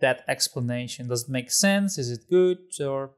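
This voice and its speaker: A man's voice: mid-range voice, animated, moderate pace, clean tone. A man with an ordinary, mid-range voice hosts a casual podcast. He steers the conversation from topic to topic, agrees easily and laughs often between points. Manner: steering the talk, agreeable, with frequent laughs and fillers. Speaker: podcast host.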